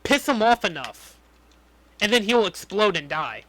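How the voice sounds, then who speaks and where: A man's voice: high-pitched, very animated, a little slow, bright, forceful tone. A young man co-hosting a podcast in casual chat, griping about a movie with a lot of swearing. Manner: profane, ranting movie criticism. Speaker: podcast co-host.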